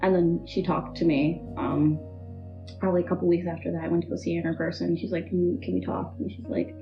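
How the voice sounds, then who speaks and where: Low, gravelly young woman, halting. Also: little pitch movement. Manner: halting, full of "like" and "um". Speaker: interview guest. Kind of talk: emotional personal testimony. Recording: dull, muffled recording with faint music.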